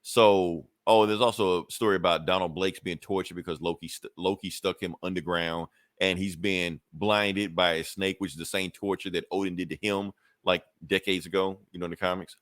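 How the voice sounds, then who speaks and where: A man with a lowish voice, talking loosely through a comic recap on a podcast. He swears freely and circles back with fillers and restarts. The sound is dry and close, with no room around it. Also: steady tone, normal speed, few pauses, fairly bright tone, no echo. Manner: rambling, profane, full of fillers and restarts. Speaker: podcast host. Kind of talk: casual comic book recap.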